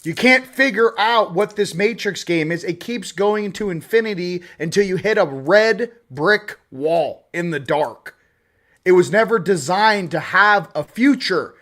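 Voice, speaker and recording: A man in his forties hosting a casual spiritual talk, rambling and animated, sometimes swearing. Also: sits high, unhurried. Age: 40s. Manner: rambling, animated, swearing, acts out quoted voices.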